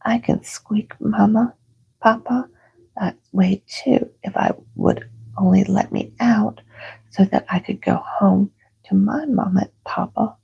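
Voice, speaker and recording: A woman voicing a small frightened boy mouse in a whispered role-play, pleading and squeaky. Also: huge pitch swings, slow pace, vocal fry, warm tone, husky, dull audio, heavily acted.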